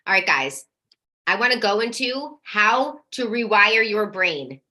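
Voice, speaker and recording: A woman coaching parents at a live workshop talks a little slowly in a mid-range voice, yet stays energetic and direct. She drops casual swear words and now and then voices the parents' anxious questions herself.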